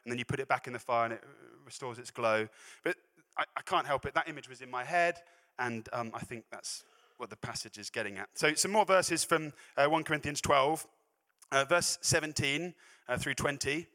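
A man's voice: mid-range voice, moderate pace, sharp tone. A man preaching a sermon, chatty and self-deprecating, breaking off into laughing asides. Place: church hall. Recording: echoey hall reverb.

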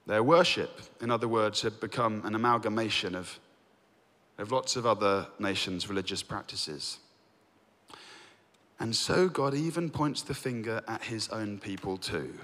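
A man teaching through a Bible book, reading verses aloud and telling it with lively storytelling. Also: fairly low pitch, a little slow. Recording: long reverb.

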